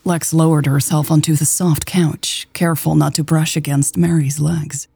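A woman narrating a romance story in a calm, even storytelling voice. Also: low voice, moderate pace, vocal fry, slightly rough, no echo, soft background music. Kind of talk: scripted audiobook narration.

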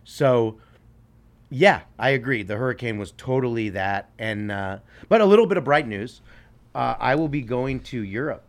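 A man with a mid-range voice co-hosts a casual podcast. He talks in a relaxed, halting way and chuckles often. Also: medium pitch. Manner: laid-back, chuckling, hesitant. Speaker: podcast co-host. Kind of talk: casual chat.

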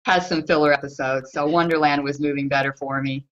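Lower-voiced measured woman panelist. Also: fairly even intonation. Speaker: podcast panelist. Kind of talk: casual group discussion. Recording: lo-fi with faint noise.

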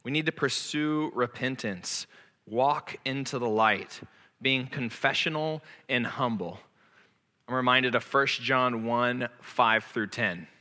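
A man in his thirties preaching from the pulpit, frank and self-deprecating about his own faults. His voice is bright and forceful. It rings out with the long echo of a large hall. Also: mid-range voice, slow. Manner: candid and self-deprecating, earnest. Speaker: pastor. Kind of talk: sermon.

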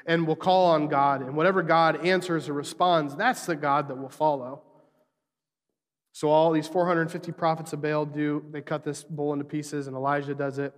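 Storytelling preacher with a higher voice. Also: male voice, moderate pace, big-room sound. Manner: storytelling, animated retelling of scripture. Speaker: pastor. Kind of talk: sermon.

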